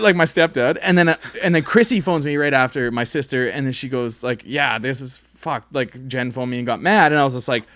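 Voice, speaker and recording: A man's voice: mid-range voice, a bit bright, dry recording. A young man from Canada co-hosting a podcast in casual chat, swearing freely and laughing often. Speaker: podcast co-host.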